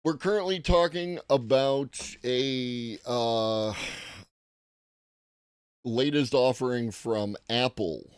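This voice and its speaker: A man's voice: mid-range voice, takes it slowly, smooth, dry recording, clean studio sound. A man hosting a live tech-news commentary stream, talking casually and profanely with a rambling manner while greeting chat viewers.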